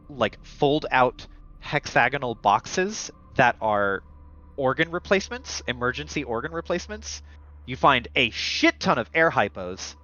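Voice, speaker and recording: A man runs a tabletop game, narrating scenes in a loose, rambling manner. His pitch is middling and the recording sounds muffled and lo-fi. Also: fairly bright tone. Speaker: game master. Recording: muffled lo-fi mic.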